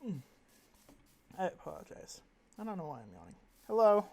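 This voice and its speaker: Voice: mid-range voice, sing-song, normal speed, creaky, mellow. A gamer giving casual let's-play commentary, rambling and chatting to in-game animals. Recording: audible background noise.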